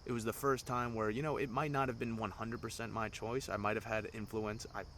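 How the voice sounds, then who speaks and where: Young male podcast host, low-pitched, bright and pushy tone, rambling and profane, crickets faintly behind. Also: flat delivery, brisk, a little hiss or hum. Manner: rambling, swears often. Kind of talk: casual storytelling monologue.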